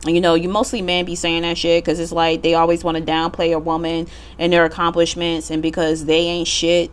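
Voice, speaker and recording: A woman with a smooth, clear voice sitting a little low in her range talks through a tarot spread in a loose, conversational way. She is blunt and swears freely, and she laughs easily as she goes. She is recording at home from her computer chair. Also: monotone, a little fast. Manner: chatty, blunt and profane, laughs often. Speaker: tarot reader. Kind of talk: casual pick-a-card tarot reading.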